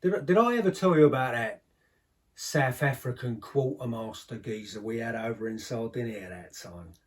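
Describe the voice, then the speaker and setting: A bitter old ex-henchman natters on in an audio-drama monologue, as a man plays him. His talk is rambling and confiding, full of sardonic asides. The voice is mid-pitched and sits back from the microphone. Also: moderate pace, distant mic, lightly acted.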